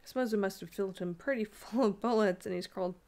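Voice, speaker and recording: A woman voicing a nervous young husband in a ghost story read aloud, brisk and falsely reassuring. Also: medium pitch, a little mellow, natural voice. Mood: forced calm. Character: young husband, tense, trying to sound reasonable.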